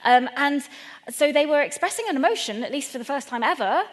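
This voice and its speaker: A woman's voice: high voice, fairly quick. Self-mocking British woman comedian. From Britain. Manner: animated, self-deprecating, laughs between lines. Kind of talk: stand-up storytelling talk. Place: event venue in London. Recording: echoey hall at a live event.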